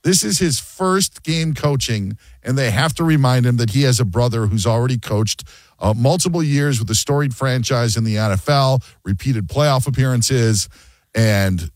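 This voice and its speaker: A man's voice: medium pitch, moderate pace, no echo. A man hosting a sports talk radio show, chatting casually and joking as he acts out quotes. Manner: animated, jokey, acts out quotes.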